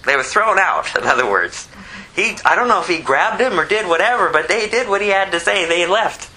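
Bright-voiced man teaching the Bible. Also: sits high, brisk, low-quality recording. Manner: lively and conversational, chuckles at his own asides.

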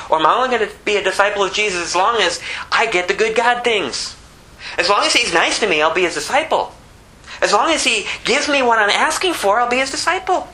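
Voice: mid-range voice, bright, forceful tone, rough recording. An American preacher delivering a sermon in an emphatic way, full of rhetorical questions. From United States.

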